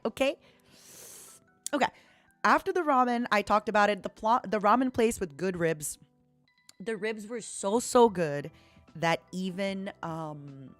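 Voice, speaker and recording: A woman streamer chatting casually and telling stories in a playful, animated way. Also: mid-range voice, dry recording. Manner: chatty, playful, animated storytelling with put-on quotes. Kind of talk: casual chat and storytelling.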